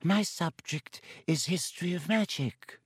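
A man voicing an ancient, shriveled ghost professor who speaks in a dry, wheezy, slow lecturing drone. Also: fairly high pitch, husky, no echo, pitched above the performer's own voice.

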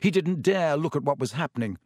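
A man reading a story aloud at a steady, measured pace, putting on voices for the dialogue. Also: a little high, dry recording, studio quality. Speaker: narrator. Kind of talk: audiobook reading.

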